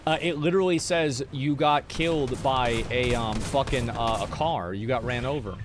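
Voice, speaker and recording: A man streaming a video game live, frustrated and profane, arguing with his chat and bursting into shouts between muttered lines. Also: mid-range voice, normal speed, noisy background. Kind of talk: live gameplay commentary, talking to chat.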